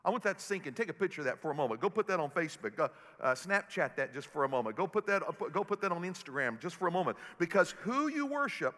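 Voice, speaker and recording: Bright-voiced preacher in a big hall. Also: male voice, on the high side, fast, few pauses. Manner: animated storytelling preacher with humor. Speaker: pastor. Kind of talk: sermon. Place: large auditorium.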